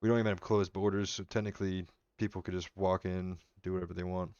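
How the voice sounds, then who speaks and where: A man with a very low, smooth and clear voice chats casually with viewers while streaming a game. His talk is relaxed and rambling. The sound is dry and slightly dull, like a home desk mic. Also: fast, no room sound. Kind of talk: casual live-stream commentary. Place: home room.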